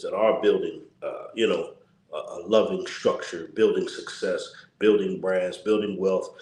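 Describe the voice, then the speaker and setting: A man's voice: fairly low pitch, reverberant. A tired man hosting a casual livestream, talking in a blunt, repetitive, slangy rant. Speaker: channel host.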